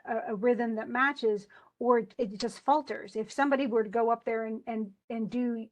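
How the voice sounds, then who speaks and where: A woman teacher giving a casual, chatty lecture, often restarting and correcting herself as she explains. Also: a little high. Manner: chatty, self-correcting, enthusiastic.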